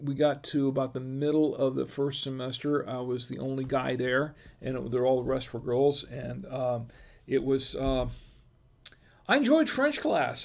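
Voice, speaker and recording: A man's voice: mid-range voice, creaky, darkish tone. A middle-aged man hosting a wine livestream, chatting casually with many restarts and reading viewer comments aloud. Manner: rambling, many restarts and fillers; reads viewer chat aloud. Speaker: livestream wine show host.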